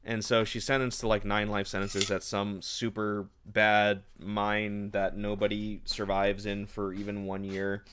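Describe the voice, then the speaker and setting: A man's voice: fairly low pitch, completely flat delivery, measured pace, hardly any pauses, fairly bright tone, slight background noise. A man recapping a novel in a casual, sarcastic and exasperated rant. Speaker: book reviewer.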